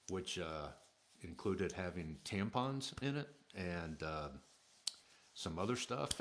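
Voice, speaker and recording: A middle-aged man telling a personal story in a casual, halting way, with many fillers and restarts. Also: low-pitched, fairly bright tone.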